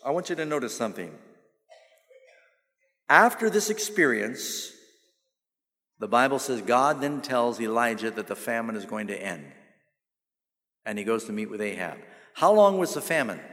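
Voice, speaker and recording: A male pastor preaching a sermon, asking the audience questions and answering them himself, and slowing down to stress key phrases. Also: medium pitch, fairly bright tone. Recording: long reverb of a large hall.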